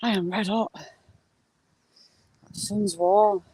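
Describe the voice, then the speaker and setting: Her voice is medium-pitched, steady, warm and slightly rough, and she speaks slowly. She's a middle-aged vlogger from northern England with a mixed Yorkshire, Geordie and Cumbrian accent, live-streaming as she strolls through rural fields. Chatty and rambling, she chats casually with viewers and responds to their comments.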